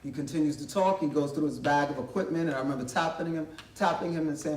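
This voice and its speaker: Guest speaker, male, slightly high voice, vivid conversational storytelling; recorded from across an echoey room. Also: quick pace. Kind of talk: personal storytelling talk. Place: college library event space. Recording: echoey room, distant mic, faint ambience.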